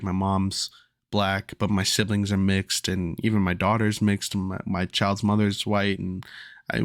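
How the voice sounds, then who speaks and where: A man's voice: sits low, fairly bright tone, no echo, studio quality. A man hosting a podcast, telling a rambling, reflective personal story in a casual way with lots of fillers. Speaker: podcast host.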